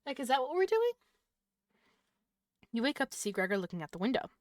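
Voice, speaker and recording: A woman streamer reads game text aloud in a hushed tone, then bursts into loud, swearing reactions. Her higher voice jumps all over its range. The sound is close and dry, with no room around it. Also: sing-song, brisk, no room sound. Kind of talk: live gameplay commentary, reading game text aloud.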